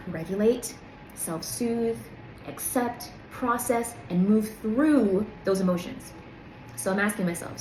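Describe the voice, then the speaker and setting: A woman's voice: a little high, a little mellow, slight background noise. A woman giving an earnest, motivational self-help talk to camera, coaching the listener and repeating phrases for emphasis. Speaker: self-help video host. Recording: echoey room.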